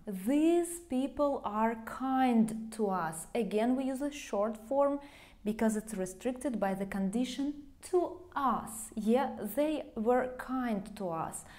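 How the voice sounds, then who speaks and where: A woman with a Russian accent walks learners through grammar at an unhurried, careful pace. Her voice sits a little high, and she often stops to check understanding with a questioning "yeah?". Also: a little mellow. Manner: slow, patient, repeats phrases, asks "yeah?" to check understanding. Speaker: language teacher.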